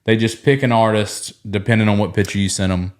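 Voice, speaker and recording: A man's voice: on the low side, fairly even intonation, brisk. Joking man hosting a podcast. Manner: joking, teasing, blunt. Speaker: podcast host. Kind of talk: casual interview chat.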